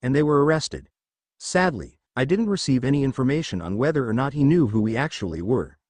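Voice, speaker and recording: A man narrating a first-person story in an expressive reading voice. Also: mid-range voice, brisk, no room sound.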